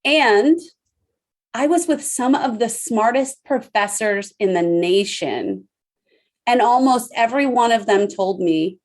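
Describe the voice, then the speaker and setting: A woman in her thirties giving an emphatic motivational leadership talk to an online audience, with dramatic pauses. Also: on the high side, animated, darkish tone. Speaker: leadership speaker.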